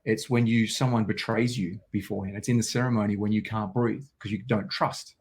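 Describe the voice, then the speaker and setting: A man's voice: lowish voice, fairly even intonation, brisk, darkish tone. An Australian man telling a personal story as an interview guest, vivid and intense, acting out quotes.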